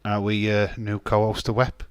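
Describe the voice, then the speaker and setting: A man's voice: fairly low pitch, monotone, moderate pace, clear, resonant tone, no echo. A man, casually chatting on a live stream and bantering with chat comments, swearing now and then.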